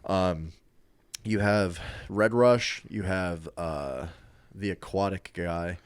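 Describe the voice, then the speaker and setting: A low-voiced man co-hosting a casual podcast. He rambles, restarts his sentences and leans on fillers as he explains. The sound is dry and close, with no room around it. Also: takes it slowly, clear, resonant tone, no echo. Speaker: podcast co-host.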